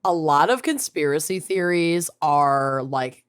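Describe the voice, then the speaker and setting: A woman's voice: low-pitched, unhurried, smooth. A woman co-hosting a podcast in casual chat, blunt and opinionated, with casual swearing. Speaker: podcast co-host.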